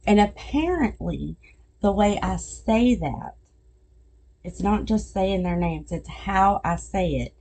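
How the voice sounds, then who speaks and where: Middle-aged woman podcast host, warm low-key tone, chatty storyteller who laughs at her own jokes. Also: lively intonation, slow. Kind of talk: casual chat.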